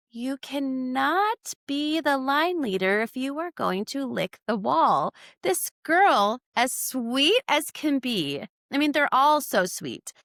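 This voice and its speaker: A woman, a kindergarten teacher and podcast co-host, chatting casually and telling animated stories with quoted lines and frequent laughs. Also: a little high, gravelly, no echo, clean studio sound. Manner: animated storytelling, acts out quotes. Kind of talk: casual chat.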